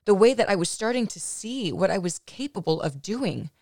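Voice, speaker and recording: A woman's voice: medium pitch, expressive, normal speed, a little mellow, no echo, clean studio sound. A woman podcast host telling a personal story in a candid, chatty way, often adding "you know" asides.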